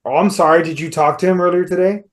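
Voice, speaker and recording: A man with a slightly high voice co-hosting a relaxed podcast. He tells stories at length and drops dry, sarcastic remarks. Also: fast talker. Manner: dry wisecracks, anecdotal storytelling. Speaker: podcast co-host. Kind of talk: casual podcast chat.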